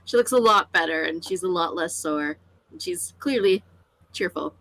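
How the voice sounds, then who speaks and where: A woman's voice: fairly low pitch, expressive, moderate pace, creaky, a bit bright. A woman player in a tabletop role-play game, describing her character with many fillers and restarts.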